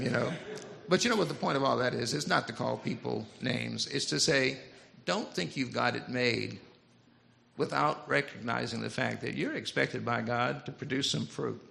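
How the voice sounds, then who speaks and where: A man's voice: mid-range voice, moderate pace, vocal fry. An older man preaching a folksy sermon in a church, telling stories with humor. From Louisiana Cajun. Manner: folksy, animated storytelling with humor. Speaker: pastor. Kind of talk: storytelling sermon. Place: church sanctuary.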